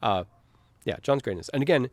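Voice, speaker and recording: A man's voice: medium pitch, expressive, quick pace, darkish tone. A man speaking as a film director, giving a loose, enthusiastic commentary full of fillers and restarts. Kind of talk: director's commentary, casual chat.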